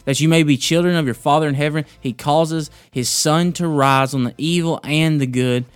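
A man hosts a casual devotional talk, halting and restarting often as he tells a joke and then talks through scripture. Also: fairly high pitch, steady tone, smooth, no room sound, faint music behind. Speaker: podcast host.

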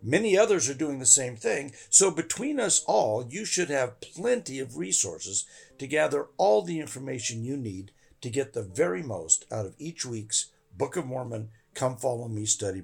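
A man's voice: medium pitch, vocal fry, husky. A man hosting a scripture study podcast, speaking in an earnest, devotional way. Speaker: podcast host.

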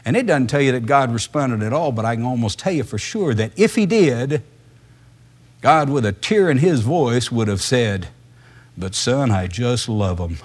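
A man's voice: medium pitch, very animated, moderate pace, slightly rough. A male pastor, preaching a sermon in a conversational, emphatic way full of rhetorical questions.

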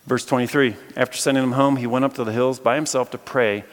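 Preacher, male, chatty Bible storyteller with playful asides, mid-pitched, long reverb of a big hall. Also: fairly even intonation, fast. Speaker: preacher and philosophy teacher. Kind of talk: conversational sermon with Bible reading.

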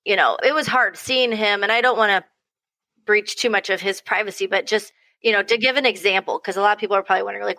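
Speaking quickly in a mid-range voice, a young mother guesting on a podcast spins lively stories, doing the voices of people she quotes and laughing frequently. The audio is dry and poor.

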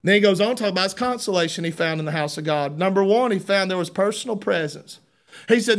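A middle-aged man preaching a sermon, fervent, swinging between loud shouts and hushed asides. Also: high-pitched, fast talker.

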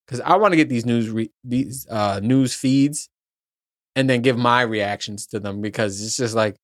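A man's voice: medium pitch, moderate pace, no room sound, clean studio sound. A man hosting a podcast alone, rambling in a casual chat and swearing freely. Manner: rambling, profane, laughs at his own points. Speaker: podcast host.

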